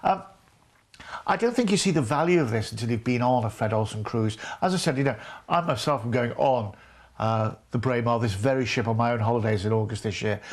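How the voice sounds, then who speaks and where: A man presenting a live TV sales pitch, gushing and repeating prices and phone numbers. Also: fairly quick. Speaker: TV shopping presenter.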